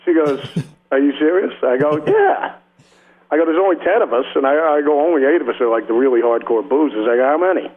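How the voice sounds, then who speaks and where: A man in a casual radio interview who rambles through his stories in slangy talk, laughs often, and plays the other people in them. His voice sits at an ordinary middle pitch. The sound is slightly dull, like radio audio. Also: fast. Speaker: rock guitarist guest.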